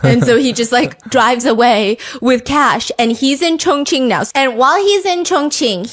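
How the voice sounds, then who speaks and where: A woman hosting a podcast, telling a story in casual chat, animated, laughing often and swearing casually. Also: fairly high pitch. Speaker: podcast host.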